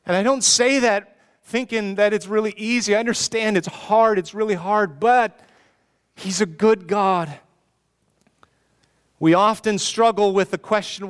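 A man preaching with a high, smooth, resonant voice. His delivery is earnest and pleading, full of rhetorical questions, and a long reverb from the church hall trails every phrase. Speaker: pastor. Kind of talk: sermon.

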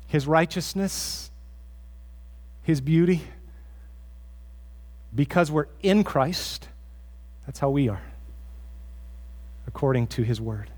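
A man's voice: fairly high pitch, darkish tone. A man preaching a sermon as pastor in a church, earnest and conversational, often restarting his phrases.

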